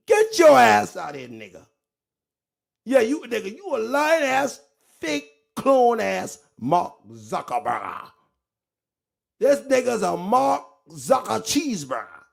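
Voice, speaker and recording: A man giving a loud, profane, mocking commentary rant, swinging between shouts and low mutters. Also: wildly swooping pitch, slow, gravelly, pauses often. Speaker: online commentator. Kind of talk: ranting commentary.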